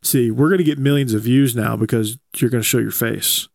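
Male co-host, gravelly voice, dry close sound, loose conversational delivery. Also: medium pitch, fairly quick, darkish tone, no room sound. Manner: laid-back, rambling, reads ads conversationally. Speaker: podcast co-host. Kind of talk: casual chat.

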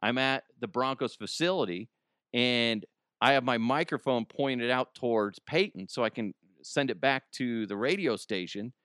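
A man's voice: medium pitch, normal speed, fairly bright tone, smooth, no room sound, clean studio sound. A man hosting a podcast, rambling through a casual comedic monologue and laughing at his own jokes. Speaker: podcast host.

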